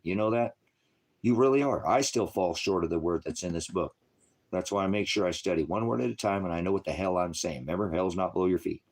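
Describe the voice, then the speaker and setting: A middle-aged man giving an informal sermon, rambling and blunt, swinging from quiet talk to loud, forceful preaching. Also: fairly low pitch.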